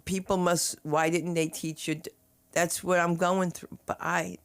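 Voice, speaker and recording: A woman's voice: fairly low pitch, level tone, measured pace, clean tone. A woman hosting an open mic, bantering playfully with comics, giving notes and slipping into Spanish. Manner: playful teasing, mixes in Spanish. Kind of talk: comedy club banter. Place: comedy club open mic.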